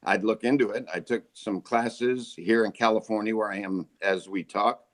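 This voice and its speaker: A man in his forties, a voice actor and guest, telling stories in a jokey, relaxed way. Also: fairly low pitch, moderate pace. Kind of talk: casual interview chat.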